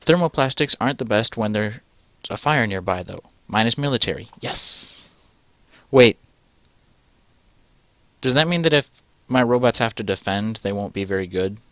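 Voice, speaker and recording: A man's voice: on the low side, expressive, moderate pace, long pauses, a bit bright, dry recording. A man reading a text adventure game aloud and adding dry, sarcastic asides. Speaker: let's play gamer.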